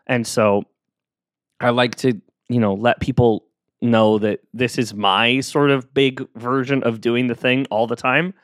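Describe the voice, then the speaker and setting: A man's voice: mid-range voice, steady tone, unhurried, no room sound. A man hosting a solo podcast, talking in a rambling, earnest, self-deprecating way with many fillers, close to the mic. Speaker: podcast host. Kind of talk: casual solo podcast monologue.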